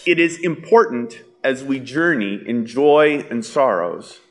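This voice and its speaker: A man preaching a sermon, slow and deliberate, with dramatic pauses. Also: mid-range voice, animated. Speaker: pastor.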